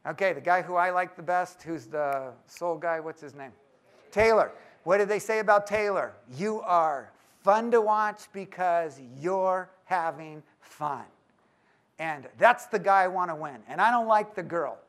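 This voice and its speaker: A man speaking to church leaders at a conference, lively and joking as he teases the audience. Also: high-pitched, moderate pace. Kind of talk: live talk to an audience.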